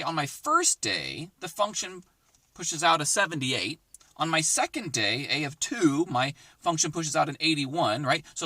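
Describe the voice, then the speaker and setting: A man's voice: on the high side, bright, forceful tone, no echo. A man teaching a math lesson to his class from inside a parked car, chatty and encouraging as he works through examples aloud. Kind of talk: casual recorded math lesson.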